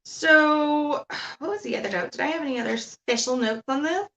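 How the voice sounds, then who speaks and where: A woman's voice: sits high, normal speed, fairly bright tone, highs cut off. Profane, rambling woman livestream host. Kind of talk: casual ranting livestream.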